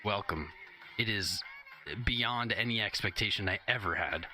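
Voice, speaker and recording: A man's voice: on the low side, measured pace, bright, forceful tone, soft background music. A man hosting a casual crypto live stream, chatty and slangy, a bit out of breath and just woken up.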